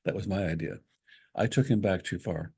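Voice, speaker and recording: Low, husky man telling a story. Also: darkish tone. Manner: measured storytelling with many restarts. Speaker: spiritual talk co-host. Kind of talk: reflective spiritual talk.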